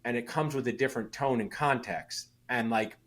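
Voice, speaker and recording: A man's voice: medium pitch, normal speed. A man, a guest on a podcast, talking casually and emphatically, telling stories and acting out quoted remarks. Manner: animated, emphatic, tells stories with voiced asides. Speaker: podcast guest, founder of an online dentist community. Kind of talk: casual interview talk.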